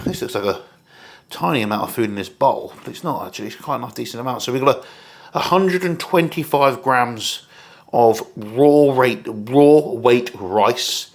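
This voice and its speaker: A man's voice: mid-range voice, fairly bright tone. A young man vlogging casually about his meals, chatty and rambling, with casual swearing. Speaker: fitness vlogger. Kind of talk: casual chat to camera.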